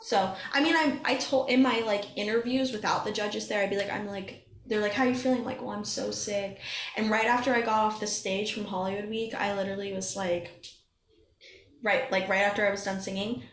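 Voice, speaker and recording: A woman's voice: mid-range voice, brisk. A young woman, a singing contestant, chatting casually as a podcast guest and acting out what people said, with plenty of laughs. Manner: animated storytelling, acts out quotes, laughs often. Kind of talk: casual chat. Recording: roomy echo.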